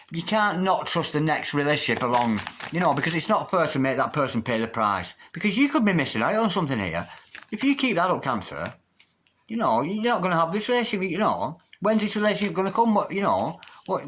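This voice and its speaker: A man giving a solo tarot reading to his viewers, chatty and encouraging, with sudden loud exclamations that drop to hushed, near-whispered asides. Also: a little high, very animated, fairly quick, slight background noise. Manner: chatty, encouraging, repeats pet phrases. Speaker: tarot reader.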